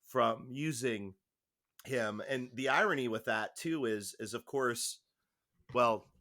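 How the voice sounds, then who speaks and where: Bright-voiced man, rambling chat. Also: medium pitch, slow. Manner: rambling, self-interrupting, animated. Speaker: podcast co-host. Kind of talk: casual chat.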